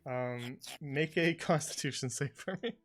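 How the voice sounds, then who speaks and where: A man's voice: fairly high pitch, unhurried. Man running a tabletop game, filler-heavy. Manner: filler-heavy, relaxed narration. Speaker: dungeon master.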